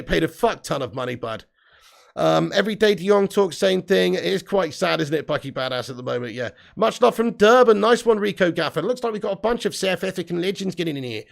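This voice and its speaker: Young english guy, southern accent, super gravelly fry, kinda high voice, chatty sweary live stream host reading chat. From England. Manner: chatty, sweary, reads out viewer comments. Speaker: football channel host.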